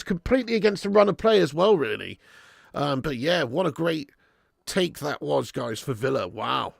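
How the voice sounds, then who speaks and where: A man hosting a live football watch-along, who shouts at the big moments and laughs a lot between them. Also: a little high, moderate pace, vocal fry, no echo, studio quality. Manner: excitable, shouts at goals, laughs often.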